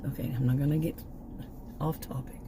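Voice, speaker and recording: An older Texan woman from the United States speaks at an extremely low pitch with a steady tone and a brisk pace, over a noisy background. In her casual personal vlog she rambles with many restarts and asides, a little short of breath.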